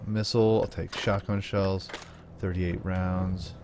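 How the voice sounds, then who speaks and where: A man's voice: deep voice, flat delivery, slow, noisy background. A man giving let's play commentary as a gaming channel host, joking and teasing the game characters.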